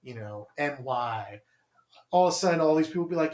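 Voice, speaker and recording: A young man with a somewhat high voice rambles through a casual podcast story, filling it with "like" and acting out the quotes. His voice sounds roomy and echoey. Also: animated, brisk, a little mellow. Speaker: podcast co-host. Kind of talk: casual chat. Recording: roomy echo.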